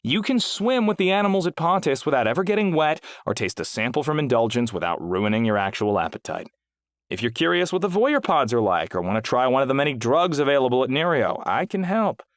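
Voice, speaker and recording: A man voicing an eager, glib male market promoter pitching his services in an audiobook. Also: sing-song, fairly quick, dry recording, studio quality, lightly acted. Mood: eager, salesy. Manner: eager, upbeat sales pitch. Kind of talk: audiobook character voice.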